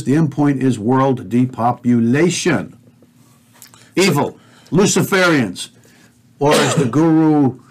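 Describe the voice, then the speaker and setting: A man in mid-range pitch hosting a talk show. He delivers a heated, preachy rant, swears freely and talks straight to his listeners. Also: a little mellow. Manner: fiery, profane, preachy, addresses listeners directly. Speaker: podcast host.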